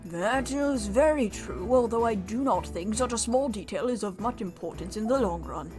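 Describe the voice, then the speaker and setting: A woman's voice: fairly high pitch, expressive, moderate pace, natural voice. A woman voicing a formal, ponderous older male judge. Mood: dismissive. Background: game music.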